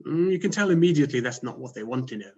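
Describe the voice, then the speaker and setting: A husky-voiced man with a Swedish accent delivers a humorous contest speech through a video call. His humor is dry and self-mocking, with a rough edge to his tone. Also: mid-range voice, lively intonation, very fast, darkish tone, muffled recording. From Sweden. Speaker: contest speaker.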